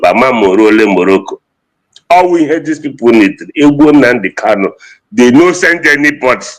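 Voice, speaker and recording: A man's voice: medium pitch, poor audio. A man with a Nigerian Igbo accent giving an impassioned political address, mixing English and Igbo and repeating phrases for emphasis.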